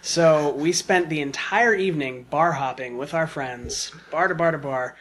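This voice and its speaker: Bright-voiced man telling a rambling story. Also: on the high side, moderate pace. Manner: rambling, many fillers and asides. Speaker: podcast guest. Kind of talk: casual storytelling.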